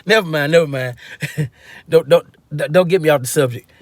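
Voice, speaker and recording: A man's voice: a little high, brisk, dry recording. A man giving a casual, slangy football-fan rant, joking and acting out quotes as he goes. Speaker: sports fan commentator.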